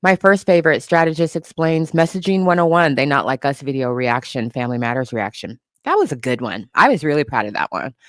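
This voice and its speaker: A woman's voice: extremely low pitch, animated, brisk, few pauses, no echo, studio quality. A woman in her forties hosting a casual livestream chat, sassy and often laughing as she mocks critics. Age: 40s. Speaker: livestream host.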